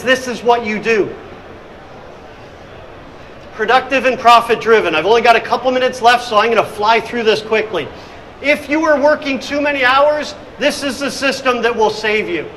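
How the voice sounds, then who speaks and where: A man's voice: very high voice, moderate pace, sharp tone, a little hiss or hum, low-quality recording. A middle-aged man giving a conference presentation on hospitality leadership, telling stories with energy and acting out scenes. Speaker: hospitality consultant and speaker. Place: conference room.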